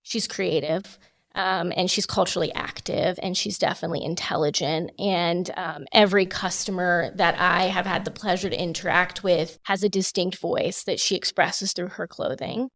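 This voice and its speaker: A woman in her thirties, a fashion designer, answering interview questions in a measured, polished way with frequent fillers, close to the mic. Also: fairly low pitch, steady tone, fairly bright tone, dry recording. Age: 30s. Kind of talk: podcast interview.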